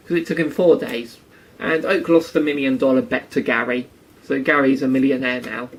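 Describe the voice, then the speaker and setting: A man's voice: medium pitch, steady tone, normal speed, poor audio. A man giving sarcastic casual commentary on a cartoon episode. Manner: sarcastic, acts out quotes in silly voices. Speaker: anime reviewer.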